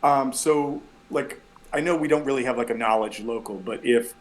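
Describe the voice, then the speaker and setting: A man's voice: mid-range voice, normal speed, rough recording. A man narrating a tabletop game as game master, who describes scenes in rambling, filler-heavy speech.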